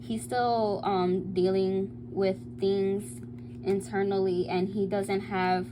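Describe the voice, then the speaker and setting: A woman giving a casual tarot reading to camera. She chats loosely, swears freely, reads card meanings aloud and bursts into excited squeals. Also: mid-range voice, slow, noisy background. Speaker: tarot reader.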